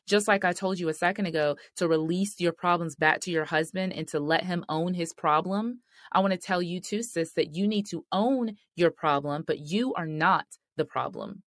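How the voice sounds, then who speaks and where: A middle-aged woman with a lowish voice and moderate pace hosts a faith-based marriage podcast with no echo. She speaks to listeners directly and earnestly, calling them "y'all" and "sis."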